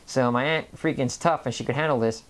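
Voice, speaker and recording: In a loose, unscripted monologue about everyday experience, this health vlogger of Mexican family background rambles fairly quickly at a middling pitch. They trip over restarts, repeat words, and hop from thought to thought.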